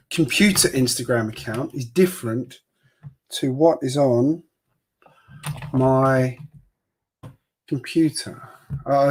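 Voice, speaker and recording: A man's voice: medium pitch, slight background noise. A man with an Australian accent hosting a live building stream, chatting casually and rambling with filler words.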